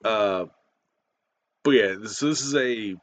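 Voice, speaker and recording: A man's voice: fairly low pitch, slow. A man giving a casual spoken movie review, rambling with many fillers, restarts and casual swearing.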